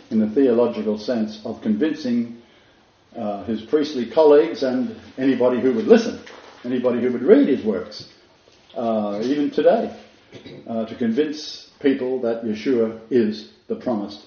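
A man's voice: mid-range voice, warm tone. A man giving a Bible lecture in a conversational way, with many fillers and restarts, reading scripture aloud. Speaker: Bible teacher. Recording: dull, roomy hall recording.

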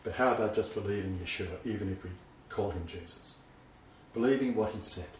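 A man's voice: lowish voice, a little fast, darkish tone, slight background noise. A man preaching a sermon to a small congregation, speaking emphatically and raising his voice when he quotes scripture. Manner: emphatic, builds to raised voice when quoting God. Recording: roomy echo, distant mic, dull sound.

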